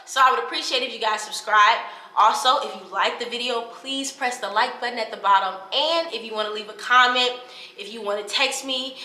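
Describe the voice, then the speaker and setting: A college-age woman talking casually to camera in a vlog, chatty and animated, calling her viewers y'all. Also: fairly high pitch, echoey room. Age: 20s. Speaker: college student vlogger and podcaster.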